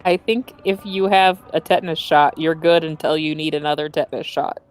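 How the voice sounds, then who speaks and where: A woman co-hosting a let's play, bantering and tossing in quick joking asides. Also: sits low, steady tone. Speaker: co-host, gaming partner. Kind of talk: casual game commentary.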